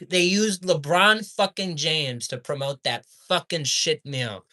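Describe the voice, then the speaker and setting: Angry guy cussing nonstop about fast food, bright edgy voice, slow drawn-out delivery. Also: expressive. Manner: angry, swearing constantly, swings from shouting to low mutters. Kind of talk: profane ranting commentary.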